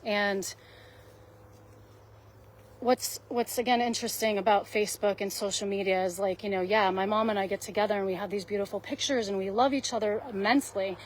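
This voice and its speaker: A woman's voice: mid-range voice, steady tone, fairly quick, a little hiss or hum. A woman hosting a live video, talking earnestly to her viewers in a rambling, heartfelt way, full of fillers and restarts, close to tears at times. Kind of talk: heartfelt casual monologue to viewers.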